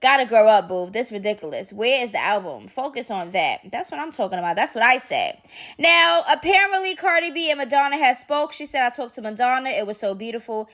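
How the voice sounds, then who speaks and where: A woman's voice: a little high, expressive, a little fast, a bit bright. A woman hosting a celebrity gossip channel, reading posts aloud and commenting in a sassy, chatty way. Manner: sassy, chatty, addresses viewers as y'all.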